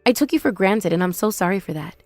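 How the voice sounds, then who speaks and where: A woman's voice: medium pitch, expressive, quick pace, darkish tone, no echo, soft background music, natural voice. A woman voicing a remorseful young sister-in-law who pleads and whines for forgiveness. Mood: pleading. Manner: pleading, whiny, self-pitying.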